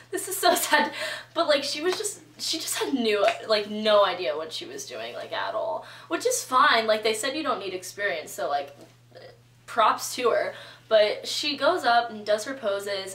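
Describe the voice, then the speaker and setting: A woman's voice: fairly high pitch, fairly bright tone, far from the mic. A young woman telling a story to her vlog viewers in a casual, chatty way, full of "like" and acted-out quotes. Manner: chatty, filler-heavy with lots of "like" and quoted reactions. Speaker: vlogger. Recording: roomy echo, voice a bit off-mic.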